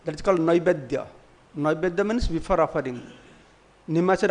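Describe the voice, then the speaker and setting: Monk with a high voice, lively devotional storyteller for a class talk. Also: male voice, fairly quick. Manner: storytelling, acting out quoted voices, often laughing. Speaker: monk giving a scripture class.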